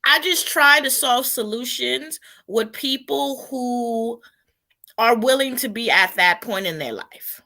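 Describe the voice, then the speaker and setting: A woman's voice: fairly high pitch, takes it slowly, sharp tone. A woman appearing as a guest in a casual chat, speaking bluntly and emphatically.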